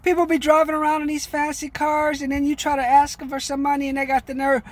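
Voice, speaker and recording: A man's voice: very high voice, monotone, quick pace, hardly any pauses, slight background noise. A middle-aged man talking to his camera in a loose, rambling way, streetwise and peppering his talk with "man". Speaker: vlogger. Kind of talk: casual rambling monologue.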